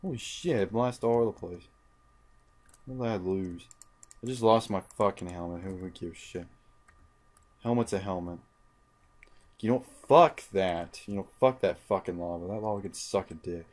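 A man's voice: deep voice, normal speed, pauses often, darkish tone. A young man commentating his own video game playthrough, muttering, frustrated and swearing constantly. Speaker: gaming channel host. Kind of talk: let's play commentary.

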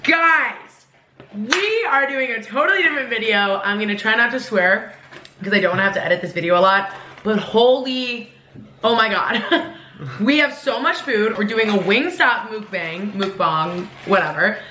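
Bright bubbly young woman vlogger. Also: on the high side, lively intonation, moderate pace. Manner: bubbly, chatty, laughing often. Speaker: vlogger host. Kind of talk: casual mukbang vlog chat. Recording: echoey room, faint noise.

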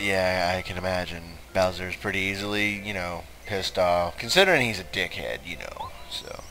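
A man's voice: low-pitched, animated, moderate pace, hardly any pauses, bright, forceful tone, faint music behind. A man giving casual, sarcastic and heavily profane commentary while playing a video game. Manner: profane, sarcastic, laughs often. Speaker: let's play commentator.

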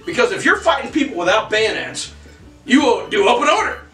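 A man co-hosting a history podcast, telling the story in a casual, profane, animated way. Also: very high-pitched, a little fast, recorded from a distance. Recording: echoey room, off-mic, faint music.

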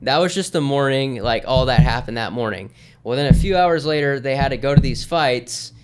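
A man's voice: mid-range voice, normal speed, slight background noise. A man in his thirties, a podcast guest, telling stories in an easygoing, rambling way with lots of fillers. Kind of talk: casual storytelling in conversation.

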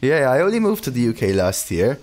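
Lively casual male game streamer. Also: medium pitch, brisk. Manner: casual, chatty, reads chat aloud and answers it. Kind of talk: live card game stream commentary.

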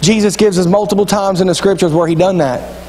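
Pastor, high voice, folksy storytelling sermon in a reverberant sanctuary. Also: male voice, steady tone, brisk, a little mellow, a little hiss or hum. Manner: folksy storytelling preacher, repeats phrases, drops into quoted voices. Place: church sanctuary. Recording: long church reverb.

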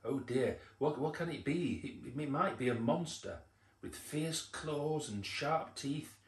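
An older man voicing a family of frightened little mice in a storybook reading, squeaking and stammering in a high voice. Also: expressive, a little slow, warm tone, distant mic. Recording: roomy echo.

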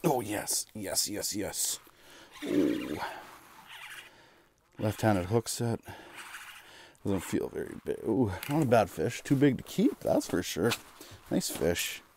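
Excitable ice-fishing man, fairly low voice. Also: takes it slowly, pauses often, a little hiss or hum. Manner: excitable, bursts of cheering and repeated exclamations. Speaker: fishing vlogger. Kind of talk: live commentary while ice fishing. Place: ice fishing shelter on a frozen lake.

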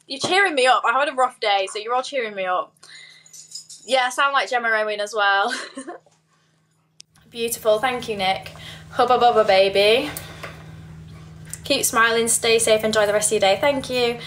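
A woman's voice: a little high, moderate pace, long pauses, a bit bright. A young woman with a Yorkshire accent, chatting casually on a livestream, reading viewer comments and giggling often. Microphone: phone.

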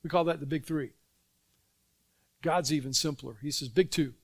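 High-voiced man preaching a sermon. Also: normal speed, slightly rough. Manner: conversational, asks the congregation questions and answers them. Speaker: pastor. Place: church sanctuary.

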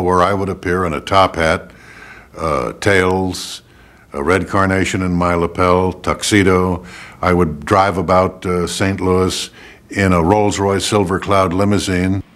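A man's voice: deep voice, steady tone, unhurried, a bit bright. A man being interviewed, recalling past events in a matter-of-fact way. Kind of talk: reminiscing interview.

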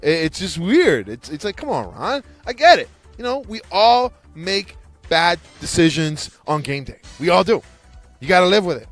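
A man's voice: sits high, very animated, normal speed, faint music behind. A man hosting a casual podcast, ranting in a rambling, profane way with frequent restarts. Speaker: podcast host.

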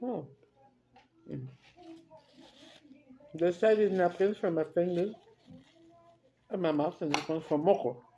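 A woman's voice: on the low side, takes it slowly, pauses often, mellow, dull audio. A woman, chatting and rambling through stories while eating on camera, dropping in Spanish words. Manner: rambling chatty storyteller, mixes in Spanish, laughs often. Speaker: mukbang vlogger. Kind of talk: casual chat while eating.

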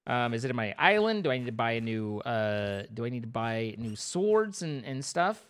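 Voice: medium pitch, animated, a little slow, a bit bright, slight background noise. A young adult streamer giving playful, rambling live commentary over a game, breaking into squeals of mock panic.

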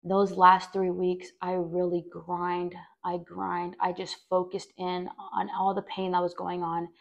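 A woman's voice: lowish voice, monotone, measured pace, gravelly, highs cut off. A young woman hosting a podcast, telling a personal story in a rambling way with many fillers. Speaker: podcast host.

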